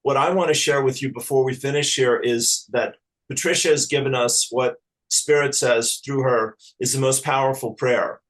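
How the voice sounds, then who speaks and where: A man from Ireland, a spiritual teacher talking as an interview guest in a halting, earnest, affectionate way with many restarts. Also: medium pitch, fairly even intonation, fairly bright tone, low-quality recording. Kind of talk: casual spiritual interview chat.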